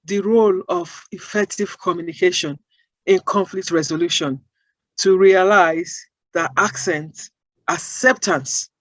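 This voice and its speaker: A woman who advocates against accent bias answers interview questions earnestly and emphatically, building her points with rhetorical questions. Her voice is on the low side and a little slow, with a dry, close, poor-quality recording.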